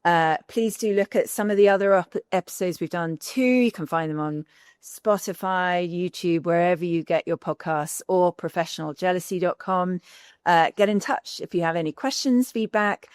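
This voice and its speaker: Woman podcast host, fairly low pitch, smooth and clear, dry close sound. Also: moderate pace, a little mellow, no room sound. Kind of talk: interview hosting.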